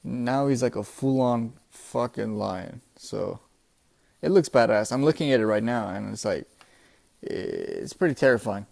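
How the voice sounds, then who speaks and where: A young man recapping a comic chapter in a casual, excitable, profane way, often calling his listeners "bro". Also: medium pitch, measured pace, creaky. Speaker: manga chapter reviewer.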